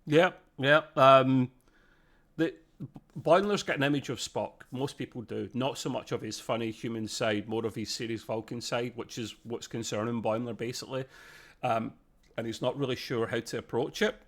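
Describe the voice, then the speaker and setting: Excitable man recapping an episode. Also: medium pitch, moderate pace. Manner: excitable, laughs often while recapping. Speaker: podcast host. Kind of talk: casual episode review chat.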